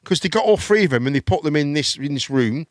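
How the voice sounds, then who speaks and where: A middle-aged man hosting a live chat show, his voice sitting a little high. He rambles along with stammered restarts and casual swearing. The sound is dry and close, with no room around it. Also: expressive, fast talker, dry recording.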